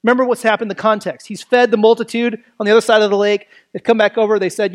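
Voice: mid-range voice, little pitch movement, fast talker. Conversational preacher explaining scripture. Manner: conversational, asks rhetorical questions; swings between loud emphasis and quiet, dropped phrases. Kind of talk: sermon, Bible exposition.

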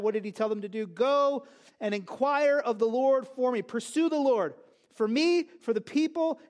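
Bible teacher, man, higher voice, chatty and lively, talks through verses conversationally. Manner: conversational, animated, asks and answers his own questions.

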